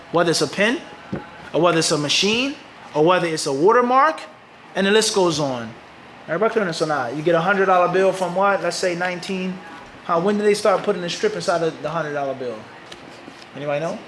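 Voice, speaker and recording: High-voiced American man lecturing a crowd. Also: fairly bright tone, echoey room, a little hiss or hum, poor audio. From Philadelphia, USA. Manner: asks the audience rhetorical "what?" questions, then answers them. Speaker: Islamic teacher. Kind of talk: lecture to a live audience.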